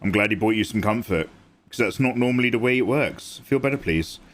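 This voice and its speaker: The livestream artist here is a young Englishman with a lowish voice who talks a little fast. He chats casually with viewers, reads and responds to the chat, and explains his drawing while he works.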